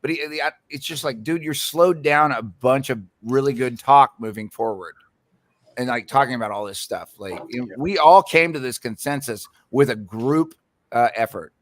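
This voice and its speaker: A man's voice: medium pitch, normal speed, no echo. Heated, swearing man on a dry mic. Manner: profane, heated, repeats and restarts words. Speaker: podcast co-host. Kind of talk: casual ranting chat.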